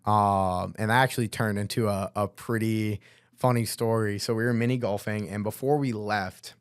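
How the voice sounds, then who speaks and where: A man's voice: on the low side, fairly even intonation, normal speed, clear, resonant tone, no echo, studio quality. A young man telling tour stories in a casual podcast chat, laid-back and slangy, with lots of "bro" and "like.". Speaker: guest vocalist.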